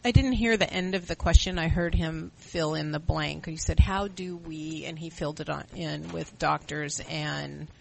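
A woman's voice: deep voice, moderate pace, gravelly, few pauses, slight background noise, low-quality recording. A middle-aged woman sharing her story as a panelist at a recovery meeting, earnest and repeating her key phrases.

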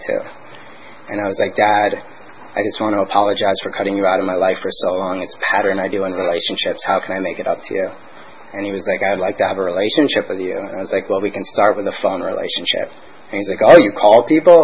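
A young man candidly sharing his recovery story at a twelve-step meeting, talking conversationally with lots of "like" and "you know". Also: low-pitched. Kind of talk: personal recovery share. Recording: dull lo-fi recording with faint noise.

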